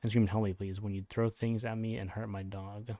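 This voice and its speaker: A man's voice: fairly low pitch, flat delivery, brisk, dark tone, no echo. A man on a commentary channel reading a written statement aloud and breaking off for blunt, profane reactions. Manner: blunt, swears in his asides. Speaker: commentary YouTuber.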